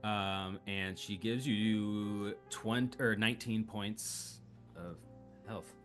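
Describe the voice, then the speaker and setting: A young man narrating a tabletop game as game master, slow and hesitant with many fillers. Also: fairly low pitch, steady tone, fairly bright tone, soft background music.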